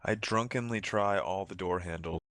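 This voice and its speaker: Joking man player, bright voice. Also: low-pitched, normal speed, dry recording, studio quality. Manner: joking, mock-drunk complaints. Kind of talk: casual tabletop play.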